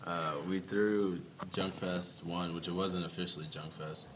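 Young man, very deep, easygoing, laughs a lot, distant mic, background noise. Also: fairly even intonation, unhurried. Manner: laid-back, laughs often, trails off. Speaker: band member guest. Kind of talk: casual interview chat.

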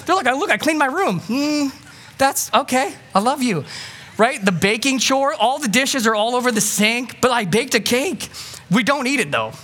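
A man preaching a sermon as pastor, earnest and pleading, moving from quick asides to slow, emphatic lines. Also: very high voice, lively intonation, sharp tone. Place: church sanctuary.

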